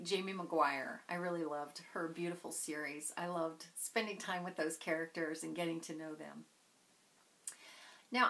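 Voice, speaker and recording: A woman with a low-set voice talks about her favorite books with gushing enthusiasm. Her tone is bright and forward, and her delivery is loose and conversational. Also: low-quality recording. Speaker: book vlogger. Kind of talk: casual chat.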